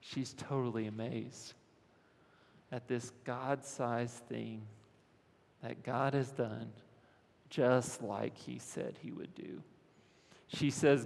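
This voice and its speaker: A man's voice: medium pitch, steady tone, slow, creaky, darkish tone, big-room sound. A man preaching a sermon as pastor, earnest, often repeating phrases and checking in with the congregation.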